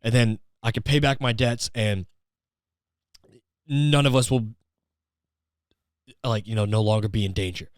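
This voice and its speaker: A man's voice: on the low side, measured pace, long pauses, smooth, no echo, clean studio sound, natural voice. A man doing a wheedling broke gambler husband. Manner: wheedling, rambling, switches to insults. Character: sleazy broke gambling husband, male adult, pleading.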